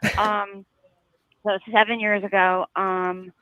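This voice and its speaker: A woman's voice: mid-range voice, little pitch movement, takes it slowly, fairly bright tone, smooth, dry recording. A woman caller on a call-in show, talking with a slight lisp after mouth surgery and laughing often. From New Jersey. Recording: tinny phone line.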